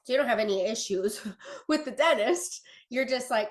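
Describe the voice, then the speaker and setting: A woman's voice: fairly high pitch, animated, moderate pace. Chatty woman leading a sales training. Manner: chatty, earnest, many fillers and restarts, reads from notes. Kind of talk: casual training talk.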